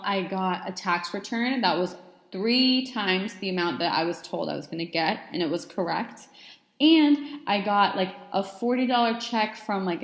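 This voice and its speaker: A woman in her twenties hosting a self-help podcast, talking in an earnest, chatty way full of "like" fillers. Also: mid-range voice. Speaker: podcast host. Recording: echoey room with long reverb.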